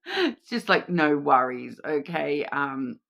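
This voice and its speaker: A woman's voice: sits low, gravelly, a bit bright. A woman with an Australian accent, giving a casual, reassuring card reading to camera, chatty, with many fillers and restarts. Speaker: card reader.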